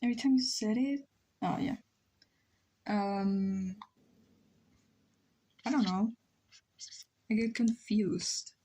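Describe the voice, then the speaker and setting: Slow-talking woman with a Spanish accent. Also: mid-range voice, warm tone. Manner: rambling, thinking aloud with fillers. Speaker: live streamer. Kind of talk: casual chat while drawing on stream.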